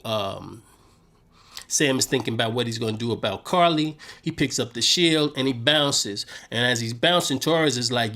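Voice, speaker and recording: Slangy man recapping a show. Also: medium pitch. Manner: slangy, animated, paraphrases scenes in his own street voice. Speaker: show host. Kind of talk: casual recap commentary.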